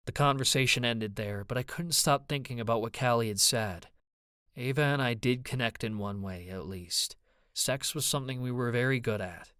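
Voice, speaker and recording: Smooth, dry-voiced male audiobook narrator. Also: mid-range voice, moderate pace, pushed and bright, dry recording. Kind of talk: first-person audiobook narration.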